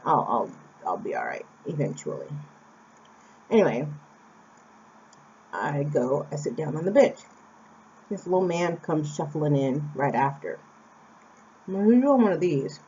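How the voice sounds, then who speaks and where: A woman's voice: low-pitched, lively intonation, a little slow, long pauses, a little mellow, slight background noise. A young American woman from Phoenix, telling a personal story in a chatty, casual way with asides to the viewer. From Phoenix, Arizona, USA. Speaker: vlogger. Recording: slightly dull lo-fi recording.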